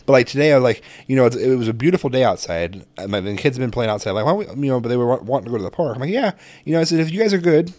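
A man's voice: medium pitch, lively intonation, very fast, darkish tone, no room sound. A man co-hosting a podcast, telling rambling, profane stories about his kids. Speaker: podcast co-host, father. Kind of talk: casual chat.

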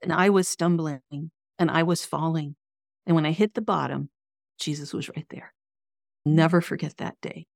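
Interview guest: middle-aged woman, low-pitched, gravelly, earnest faith testimony, dry close sound. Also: normal speed, dry recording. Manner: earnest, emotional storytelling. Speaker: guest, author and coach.

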